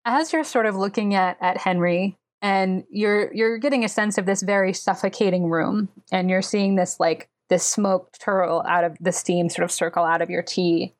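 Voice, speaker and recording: A woman's voice: medium pitch, steady tone, moderate pace, few pauses. A woman running a tabletop role-playing game, narrating descriptively with many fillers. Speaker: game master.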